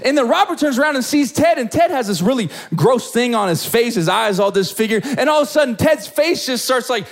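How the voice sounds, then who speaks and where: A man's voice: very high-pitched, lively intonation, fairly quick, hardly any pauses. A young man preaching a sermon to young adults, telling a story with lots of energy and stammered repeats.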